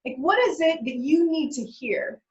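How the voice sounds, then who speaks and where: A woman's voice: sits high, normal speed. A woman talking casually as a parenting stress coach, chatty, full of "like" and "right?", and swearing freely. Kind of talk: casual self-help talk to camera. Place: home office. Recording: echoey room, dull lo-fi sound.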